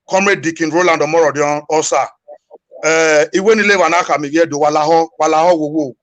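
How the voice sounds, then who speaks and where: A man's voice: a little high, fairly bright tone. A man from Edo State with a Nigerian accent and Edo as his first language, speaking as an interview guest in an earnest, pleading appeal that repeats lines for emphasis. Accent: Nigerian English. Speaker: guest, diaspora community leader.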